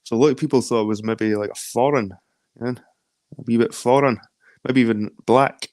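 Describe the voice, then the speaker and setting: A man's voice: medium pitch, steady tone, a little fast, a little mellow, no echo, studio quality. A man with a Scottish accent in a rambling, casual late-night chat, swearing freely. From London. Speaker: chat guest.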